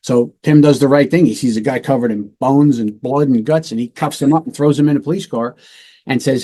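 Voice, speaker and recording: A man's voice: mid-range voice, fairly quick, mellow. A middle-aged man, a retired police lieutenant, telling a true-crime case in a casual, matter-of-fact way and acting out the voices of the people in it.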